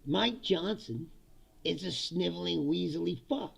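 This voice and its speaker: Gravelly, sarcastic ranting man. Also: high voice, a little slow, lo-fi sound. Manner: sarcastic, swearing, laughing between lines. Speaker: political commentator. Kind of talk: profane comedic political rant.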